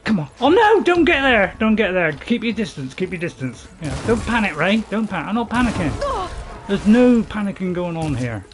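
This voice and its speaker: A man hosting a gaming channel commentates live while he plays, talking to himself and swinging between panic and calm. His voice is high-pitched and he speaks at normal speed.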